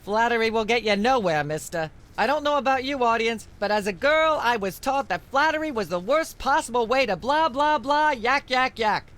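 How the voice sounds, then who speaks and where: A prying game talk-show host with a high, pushy voice, sniffing for scandal. She talks in a fussy, theatrical way and never stops to breathe. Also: lively intonation, moderate pace, few pauses, fairly bright tone. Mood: nosy. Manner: theatrical, nosy, prattling. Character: gossipy, smug female talk-show host.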